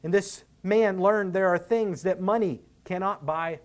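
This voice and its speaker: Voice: mid-range voice, measured pace. A preacher giving an expository sermon, earnest and emphatic, reasoning with the listeners and acting out quoted speakers.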